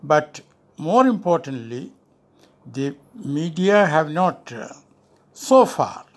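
An older man speaks with slow, deliberate emphasis, leaning on key words as he answers an interview question. His voice sits a little high for a man, and he takes his time. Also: sing-song. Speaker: interviewee, former ambassador. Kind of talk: deliberate spoken commentary.

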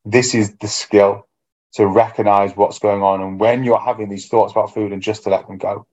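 A man's voice: lowish voice, little pitch movement, moderate pace, darkish tone. A man, a fitness coach co-hosting a podcast, talking in a reflective, casual way and acting out his own inner voice. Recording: dull lo-fi sound.

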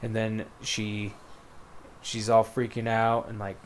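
A man chats casually and rambles through a retelling, full of fillers and quick quoted lines. His voice sits low and barely moves in pitch. A faint hiss of room noise stays under him. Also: monotone. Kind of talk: casual chat, retelling a book plot.

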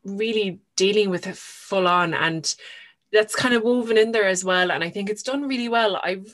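A woman's voice: medium pitch, normal speed, fairly bright tone. A woman co-hosting a podcast, retelling a book in a chatty, enthusiastic way with lots of fillers. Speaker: podcast co-host. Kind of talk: casual book chat.

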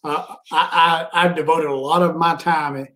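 Blunt, higher-voiced male podcast co-host. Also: steady tone, moderate pace, pushed and bright. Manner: blunt, mild cursing. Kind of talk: casual political commentary.

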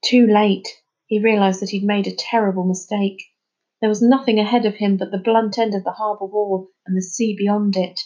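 A woman's voice: medium pitch, normal speed, low-quality recording. Woman reading a children's story aloud. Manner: expressive, steady narration. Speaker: storybook reader.

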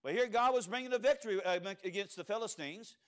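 A Cajun preacher with a notably high voice for a man. He delivers his sermon in a storytelling way, pauses on fillers and restarts, and keeps asking the congregation whether they agree. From Louisiana. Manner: storytelling with rhetorical questions to the congregation and frequent fillers.

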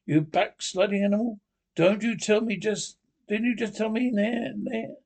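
A man's voice: high voice, a little slow, darkish tone. A man voicing a stern, wise old badger who scolds and gives firm orders. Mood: scandalized. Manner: scolding, commanding.

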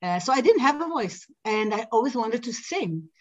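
A woman guest on a podcast, a singer and sound healer, telling her story in an animated way with frequent hesitations. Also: a little high, moderate pace, muffled recording. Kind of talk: casual podcast interview.

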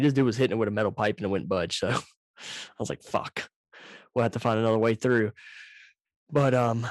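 A lowish-voiced man spins a casual, profane story, rambling and correcting himself along the way. He sits right up on the microphone, so the sound is loud and completely dry. It comes across as a home podcast recorded over a video call. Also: no room sound. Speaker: podcast host. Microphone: very close to the microphone, loud.

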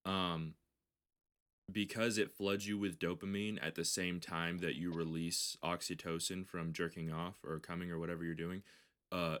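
With a low voice and a fairly bright tone, a podcast co-host chats crudely and casually, rambling, restarting often, laughing a lot, and doing voices for the people he quotes.

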